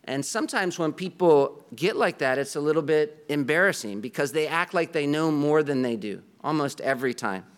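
With lively intonation, normal speed, and few pauses, a pastor addresses his congregation in an earnest, conversational sermon that includes a self-deprecating aside. His voice is fairly high, clear, and resonant.

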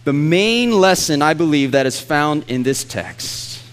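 A man's voice: a little high, expressive, unhurried, clean tone. A man preaching a sermon as a pastor, reading scripture earnestly and letting his voice rise and swell on the pleading lines.

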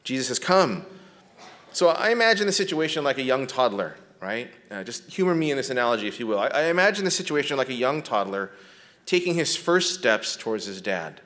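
A man teaching biblical counseling in a conversational lecture, often checking in with his listeners and speaking gently when he talks about compassion. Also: medium pitch, sing-song, a little fast. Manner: often checks in with a tag question "right?"; drops to a soft, gentle tone when describing compassion.

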